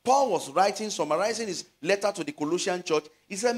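A man's voice: sits high, lively intonation, breathy edge. Emphatic Nigerian preacher, a man. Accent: Nigerian, Yoruba. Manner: emphatic preaching, rising to loud exhortations; slows to stress scripture phrases. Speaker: pastor. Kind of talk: sermon.

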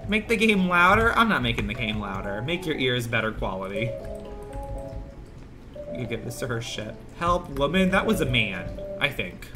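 A man streaming a horror game, muttering crude, sarcastic commentary in a deadpan way. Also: medium pitch, normal speed, over music. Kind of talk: casual let's-play commentary.

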